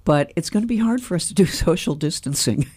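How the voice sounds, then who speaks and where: A woman's voice: deep voice, quick pace, breathy edge. An older woman hosting a casual radio talk show, telling stories and laughing often. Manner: animated storyteller, laughs often. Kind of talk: casual chat.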